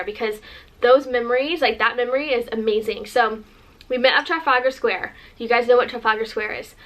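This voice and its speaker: A young woman from the United States talks straight to her camera with a slightly high voice. She gushes as she tells her story, throwing in plenty of "like" and restarting her sentences in an easy, chatty vlog way. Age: 20s. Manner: gushing, animated, lots of fillers. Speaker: vlogger.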